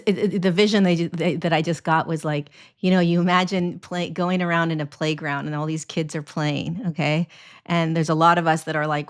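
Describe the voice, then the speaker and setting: A woman in her forties talking as a podcast guest in a low, easy voice. She is animated and casual, acts out little quoted voices and laughs often, and she restarts her sentences a lot. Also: clear, resonant tone. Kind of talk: casual interview talk.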